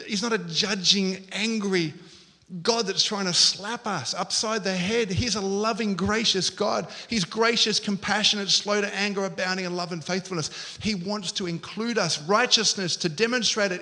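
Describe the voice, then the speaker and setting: A man's voice: high-pitched, normal speed, sharp tone. A man preaching a sermon as pastor, telling Bible stories and acting out the quoted lines. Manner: storytelling, acts out quoted lines.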